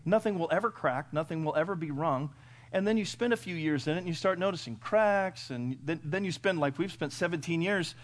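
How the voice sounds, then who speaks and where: Middle aged pastor guy preaching, folksy, lots of rhetorical questions, loud then quiet, kinda high voice. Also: fairly quick. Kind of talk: sermon.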